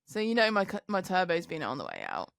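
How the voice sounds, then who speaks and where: A young woman, co-hosting a podcast, telling a work story in casual, sweary chat and mimicking other people in higher voices. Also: wildly swooping pitch, fast, vocal fry, a bit bright, dry recording, clean studio sound. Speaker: podcast co-host, truck driver.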